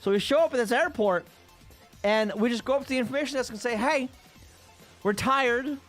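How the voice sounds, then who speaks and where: A man livestreams to his viewers, casually telling rambling travel stories laced with plenty of swearing. He talks fast in a very high voice, with soft music playing in the background.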